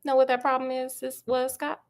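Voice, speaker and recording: A woman's voice: sits high, little pitch movement, a little fast, a little hiss or hum. A woman storyteller retelling a classic tale in loose, everyday slang. She keeps it casual and tosses in joking asides.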